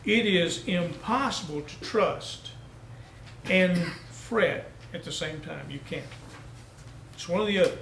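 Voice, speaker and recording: A man's voice: high voice, slow pace, creaky, a bit bright, echoey room, a little hiss or hum, low-quality recording. A male pastor preaching a sermon, telling down-home country stories and building to emphatic peaks. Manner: folksy storytelling preacher, rising to emphatic peaks.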